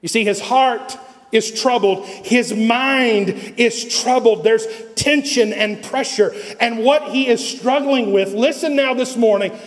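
A male pastor preaching a sermon with dramatic pauses and repeated phrases. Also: very high voice, big-room sound.

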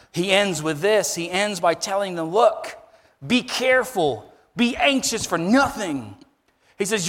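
Pastor, male, slightly high voice, preaching with big emphatic swings, church hall echo. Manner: animated preaching with emphatic rises. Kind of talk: sermon.

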